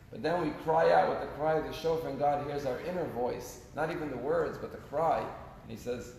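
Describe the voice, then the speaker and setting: A man's voice: on the high side, fairly quick, creaky, darkish tone. A man giving a sermon as a rabbi, telling stories earnestly with his volume rising and falling. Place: synagogue sanctuary. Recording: echoey sanctuary with long reverb, faint noise.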